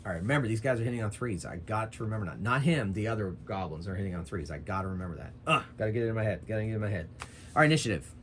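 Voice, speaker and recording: A man's voice: lowish voice, animated, rapid-fire, fairly bright tone, a little hiss or hum. A man running and narrating his own solo tabletop game, chatting and thinking aloud about rules and dice rolls.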